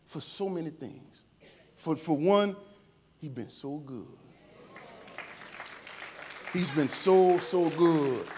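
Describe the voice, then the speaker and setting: A male preacher with a slightly high voice delivers a sermon at a church service. He moves from hushed, tender passages to loud, rising calls to the congregation. He drops in playful, informal asides along the way. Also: takes it slowly, pauses often, a faint crowd, a little hiss or hum. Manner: emotional, swings between quiet and loud, calls out to the congregation.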